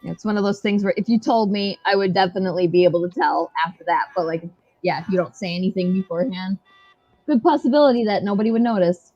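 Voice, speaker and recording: A woman's voice: medium pitch, quick pace, dark tone. Chatty woman hosting a talk. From United States. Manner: chatty, laughing, swears freely. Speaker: host. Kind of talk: casual online chat. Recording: dull lo-fi sound, faint music.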